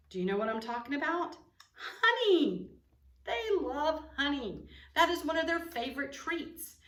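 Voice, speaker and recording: A woman teaching preschoolers over video, using a lively, sing-song voice for small children. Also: medium pitch. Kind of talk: online preschool lesson. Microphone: camera mic. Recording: roomy sound, a bit far from the mic.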